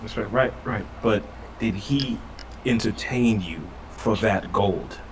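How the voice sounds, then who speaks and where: A man's voice: lowish voice, slow, recorded from a distance, a little hiss or hum, low-quality recording. A man playing a tabletop game, joking and wry. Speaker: player. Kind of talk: casual tabletop play.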